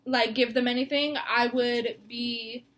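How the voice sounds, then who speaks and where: Tearful young woman, high bright voice, rambling sit-down confession. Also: steady tone, measured pace. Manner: rambling, laughing through tears. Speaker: co-host. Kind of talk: emotional personal sit-down talk. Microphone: mic.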